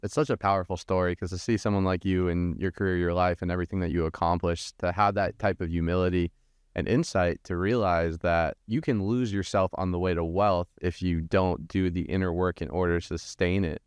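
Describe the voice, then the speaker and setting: A male podcast host with a low, smooth, resonant voice speaks in a reflective, admiring way. The recording is dry and close. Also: fairly even intonation, brisk, dry recording. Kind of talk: interview conversation.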